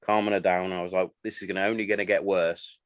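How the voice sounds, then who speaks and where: A podcast host in his thirties chats casually and fast, acting out his family members' lines as he tells stories. His low voice shows little pitch movement, and the recording has no room sound with the highs cut off.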